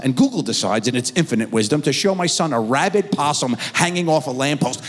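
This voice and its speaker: A husky, mid-range middle-aged man talks fast with few pauses through a stand-up routine. He tells animated stories and does impressions of his kids, and the theater recording has long reverb from the hall.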